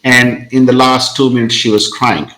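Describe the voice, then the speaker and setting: A man's voice: medium pitch, level tone, normal speed, bright, forceful tone, low-quality recording. A man, a podcast guest telling a story in a hesitant, conversational way with many fillers.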